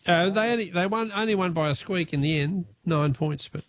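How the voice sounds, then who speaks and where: A man with an Australian accent hosting a talkback radio quiz, chatty and jovial with quick laughs. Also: high-pitched, dry recording, clean studio sound.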